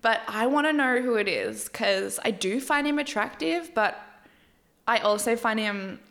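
A woman's voice: fairly high pitch, animated, unhurried, a bit bright. A woman with an Australian accent hosting a reality TV recap in casual chat, gushing, swearing freely and giggling often.

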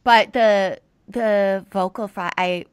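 A woman's voice: mid-range voice, steady tone, slow, smooth, no room sound. A woman in her thirties hosting a podcast, chatty and swearing freely in casual talk. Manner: chatty, swears freely, acts out quoted people. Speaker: podcast host. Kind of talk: casual chat.

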